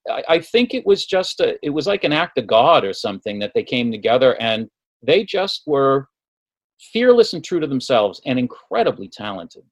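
Male music historian as a guest, mid-pitched voice, thoughtful and earnest. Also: sing-song, moderate pace, no room sound. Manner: earnest, thoughtful, with many fillers. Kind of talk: casual radio chat.

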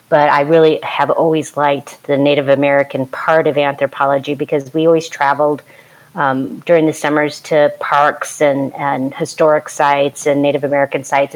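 Woman from california, low voice, rambling lively storyteller on a podcast. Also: poor audio. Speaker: anthropologist and archaeologist guest. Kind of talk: conversational storytelling.

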